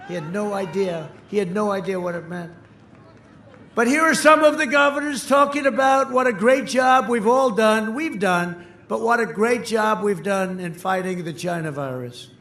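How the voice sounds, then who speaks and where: A man giving a boastful, mocking campaign rally speech from a podium microphone, repeating lines and shouting them out to the crowd. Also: high-pitched, normal speed. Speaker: candidate speaking at a campaign rally. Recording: echoey sound system with crowd noise.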